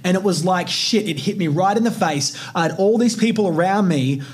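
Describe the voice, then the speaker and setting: A young man tells his own story on a podcast in a husky, slightly high voice. He talks bluntly and swears constantly, with plenty of intensity. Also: a little fast. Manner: blunt, heavily profane, intense. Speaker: podcast host.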